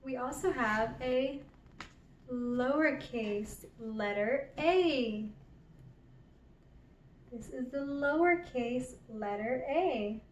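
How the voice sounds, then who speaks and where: A woman teaching toddlers phonics, gentle and encouraging, drawing out each sound. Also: high-pitched, distant mic, a little hiss or hum. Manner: gentle, encouraging, drawn-out repetition. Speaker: children's educator. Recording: roomy, from off the mic.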